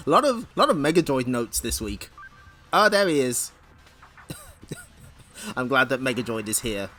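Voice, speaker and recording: A man's voice: mid-range voice, big pitch swings, unhurried, pauses often, bright, forceful tone, faint music behind. A man hosting a casual comic read-along stream, laughing often and making wry asides. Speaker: streamer reading comics aloud.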